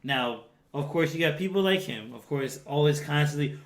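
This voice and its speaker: A man's voice: on the high side, moderate pace, hardly any pauses. A man co-hosting a casual podcast, laid-back and enthusiastic when he talks about games. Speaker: podcast co-host. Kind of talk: casual chat.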